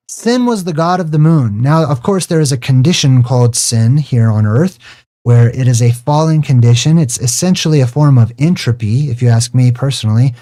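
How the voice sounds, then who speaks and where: Mellow-voiced man giving a rambling talk. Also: medium pitch. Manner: digressive, drifts off on tangents; drawn-out emphasis on single words. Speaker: video host. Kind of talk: rambling screen-share lecture.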